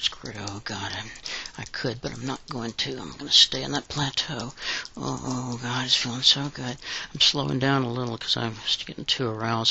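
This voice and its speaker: A man giving intimate guided audio instruction in a breathy, halting, unhurried way, on a dull lo-fi recording. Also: medium pitch, pushed and bright, slight background noise.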